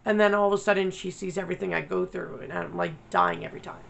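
A woman's voice: lowish voice, fast, vocal fry, poor audio. A woman vlogger talking candidly, blunt and profane, venting her frustration. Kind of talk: candid personal vlog.

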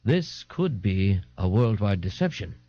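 A man's voice: fairly high pitch, very animated, a little fast, dry recording, voice pushed up. A man voicing a pompous, indignant and bloated male eccentric in an audiobook, haughty and scolding with grand pronouncements. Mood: grandiose. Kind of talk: audiobook character voice. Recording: dull, dry 1989 tape recording.

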